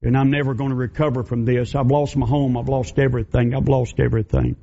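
Frightened, beaten-down older woman with gray hair, halting and stammering, as a man acts her out in a lower voice; dull lo-fi sermon recording. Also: fairly even intonation, dark tone, breathy edge. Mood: tearful, beaten down. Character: battered older gray-haired woman, fearful and tearful.

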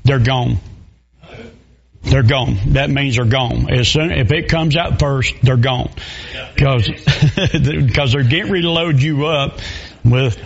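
A man with a drawl preaching from the pulpit, telling homespun stories in loose country grammar. His pitch sits mid-range for a man, and the recording sounds somewhat dull and lo-fi. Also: gravelly. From Southern US. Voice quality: folksy, storytelling with dialect grammar. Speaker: pastor. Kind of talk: sermon.

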